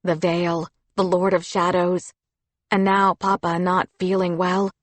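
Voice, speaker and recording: A woman narrating a children's fantasy audiobook in a steady storytelling delivery. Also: on the low side, measured pace, no echo. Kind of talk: scripted narration.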